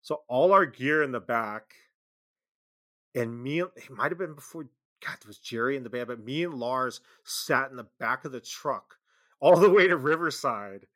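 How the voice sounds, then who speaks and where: A guest musician who founded a label tells rambling road stories in a casual interview, full of fillers, restarts and laughs. His medium-pitched voice is expressive and fairly bright, at a moderate pace.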